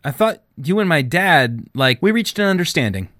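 A man's voice: on the high side, big pitch swings, normal speed, fairly bright tone, no echo, clean studio sound, voice pushed up. A man voicing Judith, a bold, defiant teenage girl who fights, speaking in a cocky, matter-of-fact way.

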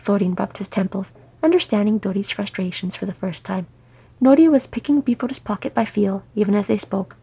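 A woman narrating a story aloud in soft, unhurried reading. Her voice is gravelly and deeply husky, with a mellow tone. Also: poor audio. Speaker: audiobook reader. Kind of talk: reading fan fiction aloud.

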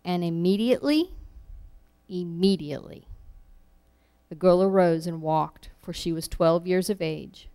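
Slow, mellow-voiced woman preaching a sermon. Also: fairly low pitch, little pitch movement, clear, resonant tone. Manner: earnest, repeats phrases for emphasis.

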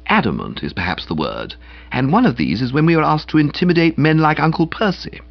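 Husky man narrating with wry dryness. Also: a little high, very animated, fairly quick, highs cut off. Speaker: audiobook narrator. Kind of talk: first-person audiobook narration.

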